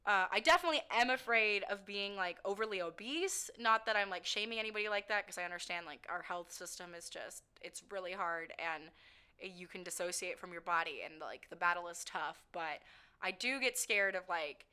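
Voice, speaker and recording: Young woman vlogger with a bright, tense edge to her voice; loose, rambling answers, lots of "like", pokes fun at herself. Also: lowish voice, moderate pace, clean tone. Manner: rambling, chatty, frequent "like" fillers, self-deprecating. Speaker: vlogger answering viewer questions. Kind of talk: casual Q&A chat.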